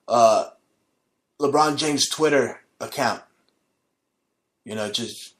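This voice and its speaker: A man's voice: mid-range voice, fairly bright tone. A man hosting his own show, delivering a profane, rambling comedic rant. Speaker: host. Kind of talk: ranting comedic monologue.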